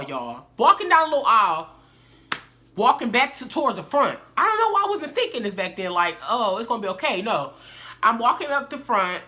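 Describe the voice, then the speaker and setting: A young woman telling a story to her viewers in a casual, animated, slangy way. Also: a little high. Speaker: vlogger.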